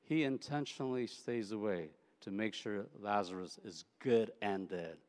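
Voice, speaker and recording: A man preaching a sermon in a relaxed, conversational way, telling anecdotes and often repeating words as he goes. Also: lowish voice, normal speed. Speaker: pastor. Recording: echoey hall.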